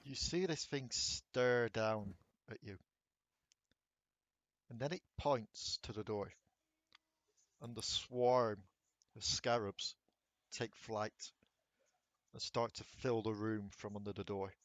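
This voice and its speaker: A man running a tabletop game as dungeon master, narrating events and calling for rolls in a calm, descriptive way. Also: lowish voice, slow, long pauses, no room sound.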